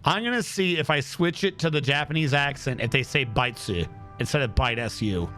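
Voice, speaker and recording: Man, streamer, casual gameplay talk, self-muttering, animated pitch, faint music behind. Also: brisk. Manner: talks to himself while playing, muttering and humming.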